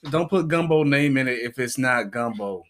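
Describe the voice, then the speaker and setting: A man's voice: mid-range voice, expressive, normal speed, a bit bright, a little hiss or hum. A man, a podcast co-host who cooks, chatting casually, going on rants and acting out little scenes. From Southern US, Louisiana. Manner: ranting, acts out mock dialogues. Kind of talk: casual chat.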